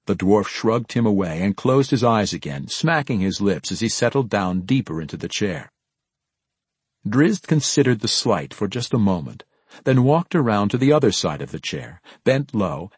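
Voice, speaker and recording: A man reading a fantasy novel as an audiobook narrator, in a measured, low-key storytelling manner. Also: big pitch swings, a little mellow, husky, no echo. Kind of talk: scripted narration.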